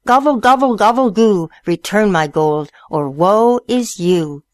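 A woman voicing an angry male turkey who chants his demands in a high sing-song. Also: very animated, unhurried, no echo, clean studio sound. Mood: chanting.

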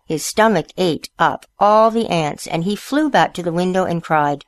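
A woman storyteller reading picture books aloud in a slow, expressive way. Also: on the low side, dry recording.

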